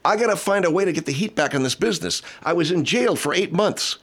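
An actor playing a brash, crude male pitchman in a comedy sketch, blustering and defensive. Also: lively intonation, fast, fairly bright tone, heavily acted. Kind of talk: improvised comedy sketch acting.

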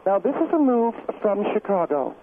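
Guy putting on a high-voiced touchy lady dance teacher, whiny and defensive, tinny phone line. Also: big pitch swings, moderate pace, background noise. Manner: indignant, self-pitying, rambling. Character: defensive middle-aged woman dance teacher. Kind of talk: comedic phone-in role-play.

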